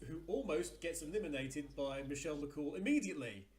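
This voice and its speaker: Male podcast co-host, fairly high voice, casual play-by-play recap, faint hiss in the background. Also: lively intonation, a little fast, a little mellow. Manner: recaps events step by step with frequent fillers. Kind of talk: casual wrestling recap chat.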